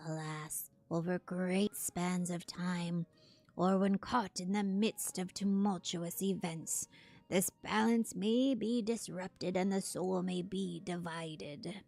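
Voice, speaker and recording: A woman's voice: on the low side, steady tone, gravelly, darkish tone, faint music behind. A woman reading as a solemn ancient spirit lord. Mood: grave. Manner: slow, measured, archaic reading.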